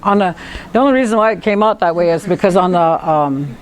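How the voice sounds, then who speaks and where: A woman teaching a language class, telling funny stories with frequent laughter and sounding out syllables slowly. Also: on the low side, animated.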